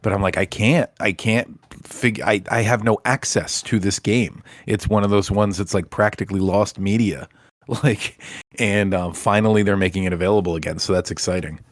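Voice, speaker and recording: A man co-hosting a casual podcast, talking in a relaxed, rambling, self-deprecating way. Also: lowish voice, normal speed, dry recording, clean studio sound. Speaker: podcast co-host. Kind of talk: casual chat.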